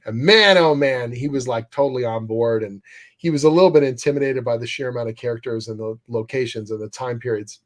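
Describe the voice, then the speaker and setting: Male guest in casual interview, animated storyteller, swears freely. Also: mid-range voice, brisk. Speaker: guest comics writer.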